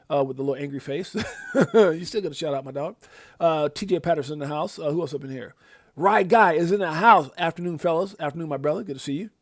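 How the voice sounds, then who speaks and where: A man hosting a live stream in a casual, hyped way, rattling off shout-outs to his viewers. His voice sits a little high for a man, with sudden loud jumps upward when he gets excited. The sound is dry and close, with no room around it. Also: no room sound. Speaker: livestream host.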